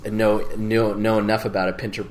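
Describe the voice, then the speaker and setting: Man, middle-aged, low voice, halting, many fillers, casual interview guest. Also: level tone, slight background noise.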